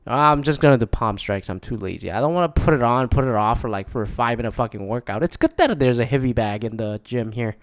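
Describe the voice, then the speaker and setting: A man's voice: mid-range voice, fast, few pauses, dry recording, studio quality. A man hosting his own show, talking alone in a rambling, profane way with frequent restarts. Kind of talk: casual solo monologue.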